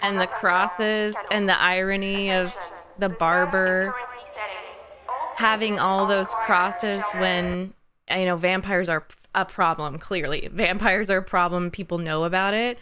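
A young adult woman hosting a casual reaction chat, gushing as an excitable fan. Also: medium pitch, measured pace, background noise. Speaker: host reacting to a game trailer.

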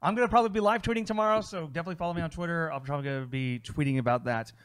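A man's voice: on the high side, racing, smooth. A man co-hosting a wrestling talk show in casual chat, upbeat and enthusiastic, with frequent fillers.

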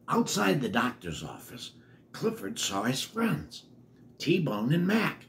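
A man's voice: fairly high pitch, wildly swooping pitch, slow, a bit bright. Chatty grandfather reading a storybook. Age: older. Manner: chatty, asks the kids questions between pages. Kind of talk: reading a picture book to children.

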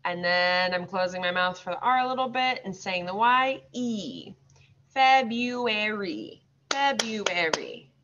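Bright-voiced woman teaching young kids. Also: fairly low pitch, flat delivery, clear, resonant tone. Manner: slow, drawn-out modeling of words. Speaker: second grade teacher. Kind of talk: recorded classroom lesson. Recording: slightly dull lo-fi recording.

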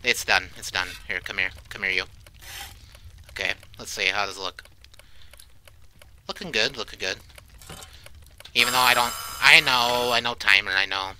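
A man's voice: on the low side, normal speed, long pauses, bright, forceful tone, slight background noise. A man commentating a horror game, jumpy, swearing often and shrieking when startled. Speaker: let's play creator.

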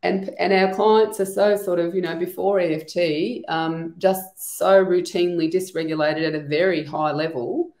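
A woman who works as an EFT trainer and trauma practitioner explains her work as a guest on a video call, chatting casually and thinking aloud with many "you know" asides. Her fairly low, slightly mellow voice holds a steady tone at a moderate pace with few pauses. The room sounds echoey.

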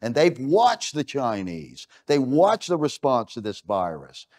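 A man's voice: medium pitch, huge pitch swings, measured pace, darkish tone. A middle-aged American man giving a conference keynote in a punchy, emphatic way, full of rhetorical questions. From United States. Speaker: keynote speaker. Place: stage at an event.

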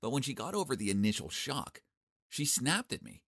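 A young man narrating a first-person animated story in a cocky, sarcastic, expressive way. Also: medium pitch, normal speed, vocal fry, slightly rough, dry recording, studio quality.

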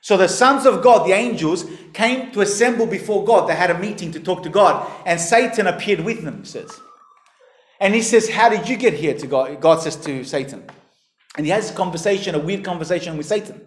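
A man's voice: lively intonation, fairly quick. Emphatic preacher man, echoey hall. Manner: emphatic, rises and drops in pitch and volume. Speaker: pastor. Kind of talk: sermon.

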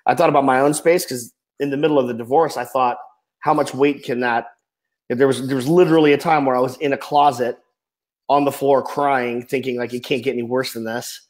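A man in his forties speaking as a podcast guest, earnest and emotional, often trailing off softly. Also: medium pitch, steady tone, fairly quick, rough recording. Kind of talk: candid personal storytelling.

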